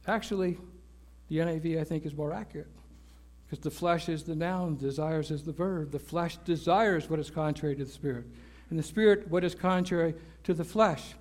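High-voiced man preaching. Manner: conversational teaching, checks in with "right?" and "okay?"; repeats key words for emphasis. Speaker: pastor. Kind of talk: sermon.

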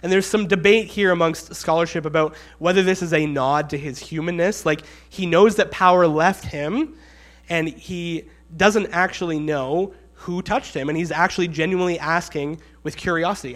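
Conversational preacher with a raised pitch. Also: male voice, moderate pace, fairly bright tone. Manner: conversational, acts out quotes with rising emphasis. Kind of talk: sermon.

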